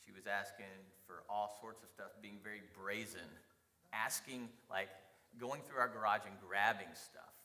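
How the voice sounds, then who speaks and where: A man teaching a church Sunday class, telling a story in an animated way, often laughing and acting out the lines of the people in it. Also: on the low side, normal speed, long reverb tail. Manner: animated, laughing, acts out quoted dialogue.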